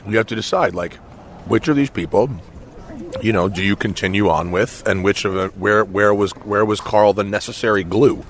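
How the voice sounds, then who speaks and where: A man's voice: lowish voice, normal speed, slight background noise. A man co-hosting a casual podcast chat, laid-back and swearing freely, recorded outdoors and later in a car. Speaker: podcast co-host.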